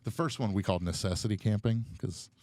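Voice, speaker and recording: A man's voice: fairly low pitch, fast, darkish tone, no echo. A man, a guest comedian, telling a rambling, profane story on a podcast with frequent laughs.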